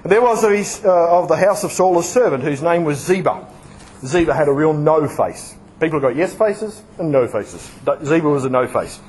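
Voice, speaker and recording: High-voiced man preaching to a congregation. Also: moderate pace, slight background noise, rough recording. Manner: lively, asks the audience questions and acts out examples. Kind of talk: sermon.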